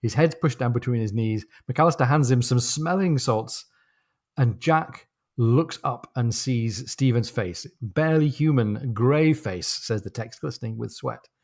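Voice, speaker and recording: A man co-hosting a podcast, chatting casually about a novel and reading passages aloud slowly and deliberately. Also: mid-range voice, darkish tone. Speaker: podcast co-host. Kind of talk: casual book discussion with read-aloud passages.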